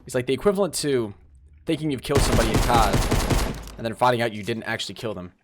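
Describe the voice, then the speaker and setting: A man streaming a game live, commenting on play and talking straight to his chat in a lively, apologetic way. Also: mid-range voice, fast, very noisy. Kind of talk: live gameplay commentary and chat shout-outs.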